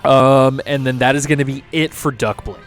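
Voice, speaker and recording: A man running a tabletop game as dungeon master, narrating with a relaxed, rambling manner and fillers. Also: medium pitch, moderate pace. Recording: streamed with background music.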